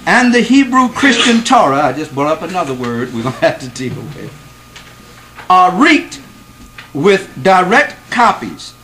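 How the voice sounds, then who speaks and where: A man's voice: high-pitched, very animated, measured pace, pushed and bright, a little hiss or hum, low-quality recording. A man giving a classroom lecture to a live audience, speaking with emphasis, quizzing the listeners and repeating points to stress them.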